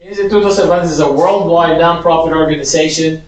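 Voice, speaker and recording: A man's voice: on the high side, fairly even intonation, fairly quick. A man, a Spanish teacher, giving a chatty, amused informal lecture. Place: large echoey parish hall. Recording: echoey hall, distant mic.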